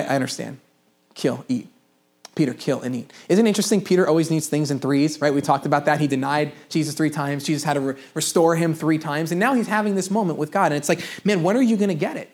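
A man's voice: on the high side, expressive, fast, hardly any pauses, a little mellow. A young adult man preaching a sermon in a casual storytelling manner, with humorous asides and personal confessions. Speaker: pastor.

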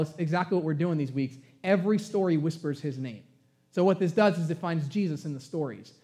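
A man's voice: sits high, a little mellow. A man who is a pastor, preaching a sermon in an emphatic, conversational way and asking the congregation questions.

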